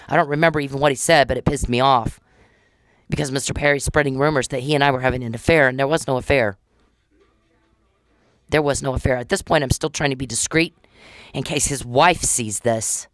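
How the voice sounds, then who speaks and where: A woman's voice: a bass voice, no echo. A woman delivering a blunt, profane, ranting monologue at an official. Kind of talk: angry monologue addressed to an official.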